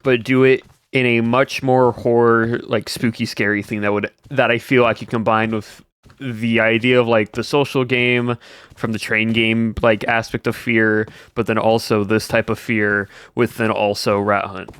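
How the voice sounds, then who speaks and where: A man's voice: medium pitch, little pitch movement, moderate pace, fairly bright tone, clear, resonant tone, no echo. A young man streaming, chatting casually with his viewers in a rambling way and answering their comments as he goes. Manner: rambling, answers chat between stories. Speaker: livestreamer.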